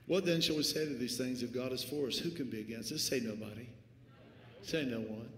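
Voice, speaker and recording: A man preaching a sermon as pastor, swinging from hushed lines to shouts. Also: medium pitch, fairly quick, slight background noise. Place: church sanctuary. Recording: echoey church hall, faint ambience.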